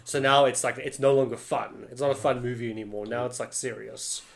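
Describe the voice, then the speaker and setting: A man's voice: mid-range voice, fairly even intonation, a little fast, vocal fry. Man, podcast co-host, casual, rambling, filler-heavy, acts out scenes. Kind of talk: casual film discussion.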